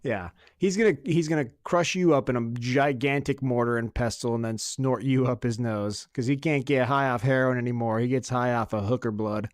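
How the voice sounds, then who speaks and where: A man's voice: mid-range voice, normal speed, hardly any pauses, no room sound, clean studio sound. A man co-hosting a sports podcast, chatting casually, joking and swearing as he tells stories. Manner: profane, joking, storytelling. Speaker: podcast co-host.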